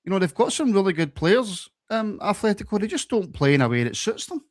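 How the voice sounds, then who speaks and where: A man's voice: high voice, sing-song, a little fast, no room sound, studio quality. A man co-hosting a casual football podcast, chatting and asking his co-host questions. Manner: conversational, asks questions.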